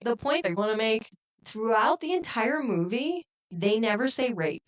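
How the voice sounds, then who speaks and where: A woman co-hosting a podcast, talking in casual discussion and making her points in a measured, deliberate way. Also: a little high, lively intonation, rough recording. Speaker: podcast co-host.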